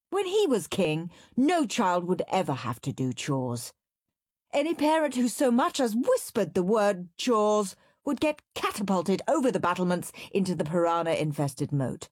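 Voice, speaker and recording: A woman reading a children's story aloud, expressive and playful. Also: mid-range voice, a little slow, no room sound, studio quality.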